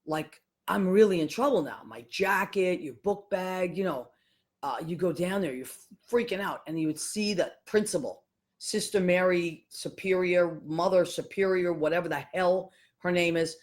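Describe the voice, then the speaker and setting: A woman, hosting a podcast and telling a family story in a casual, animated way, acting out the voices of the people in it. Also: on the low side, normal speed. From Boston, USA. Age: 50s. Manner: animated, acts out voices of people in her stories. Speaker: podcast host.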